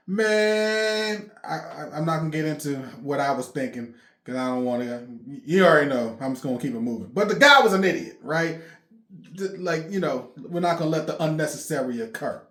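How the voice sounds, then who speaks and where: A man, excitedly recapping a basketball game for his fan vlog, emphatic and repeating himself. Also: a little high, echoey room. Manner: animated, emphatic, repeats himself, laughs often. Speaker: sports fan vlogger.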